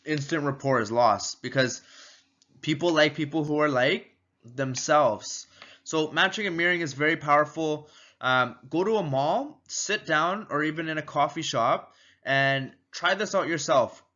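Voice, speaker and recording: A man giving a casual, energetic training talk on rapport, repeating his points and acting out short door-step exchanges. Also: a little high, measured pace, dull audio. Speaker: sales and marketing trainer. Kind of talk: casual teaching video.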